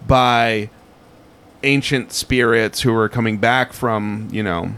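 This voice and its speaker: A man in relaxed conversation who wanders through his story. He fills his speech with "like" and "um" and keeps restarting sentences. His pitch sits in an ordinary middle range. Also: slow pace, clean tone. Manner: rambling, heavy on fillers like "like" and "um". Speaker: podcast co-host. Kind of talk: casual chat.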